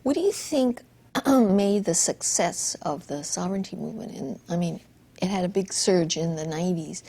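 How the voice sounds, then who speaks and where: A woman's voice: lowish voice, animated, moderate pace, dark tone, breathy edge. A woman interviewer who asks questions in a supportive, affirming way.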